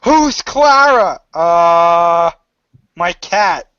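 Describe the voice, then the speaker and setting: Bright high-voiced man, wry quips. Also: lively intonation, very slow, slight background noise. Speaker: podcast co-host. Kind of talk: casual chat. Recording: dry, dull lo-fi sound.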